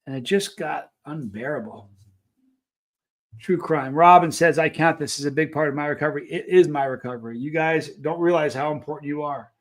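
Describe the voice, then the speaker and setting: A man's voice: a little high, normal speed. Earnest, rambling man hosting a livestream. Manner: earnest, rambling, with many restarts. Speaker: livestream host. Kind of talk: casual chat reading live comments.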